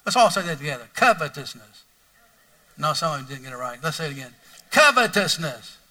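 Animated preacher man, bright and distant. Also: on the high side, very fast. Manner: animated, conversational, asks the congregation questions. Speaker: pastor. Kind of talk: sermon.

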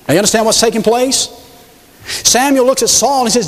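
A man's voice: extremely high pitch, a little fast, long pauses. A man preaching a sermon, telling a story emphatically and speaking directly to his congregation. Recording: long hall reverb.

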